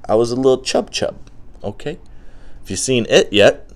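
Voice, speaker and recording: A man's voice: mid-range voice, expressive, normal speed. A young man hosting a podcast, rambling through casual chat with crude jokes and lots of fillers.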